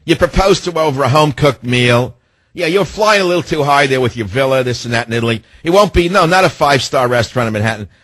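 Man, talk radio host, rambling, sarcastic, husky, dry close sound. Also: medium pitch, animated, fast, a bit bright, no echo. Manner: sarcastic, mocking, meandering.

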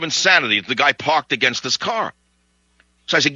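A man hosting a radio talk show, telling a story in an animated, indignant way. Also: on the high side, fast talker, no room sound. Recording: dull lo-fi radio broadcast audio.

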